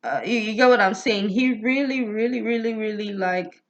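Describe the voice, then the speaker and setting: An astrology vlogger tells a personal story in a casual monologue, stammering, restarting, laughing often, and repeatedly asking "you get what I'm saying?" Her voice is mid-range at normal speed, in slightly muffled lo-fi audio.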